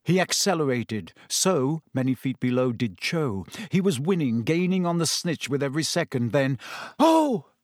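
A man narrating a storybook with a lively, expressive reading. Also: medium pitch, normal speed, few pauses, no room sound, studio quality. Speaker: audiobook reader.

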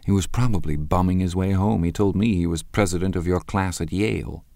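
A man's voice: low voice, fairly quick, creaky, darkish tone, no echo, studio quality. A man reading an audiobook, voicing a languid, wry young woman with a drawling, gossipy way of talking.

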